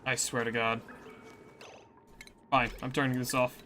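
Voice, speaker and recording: A game streamer giving live gameplay commentary, swearing and yelling in exasperation at in-game characters. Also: mid-range voice, little pitch movement, a little slow, slight background noise.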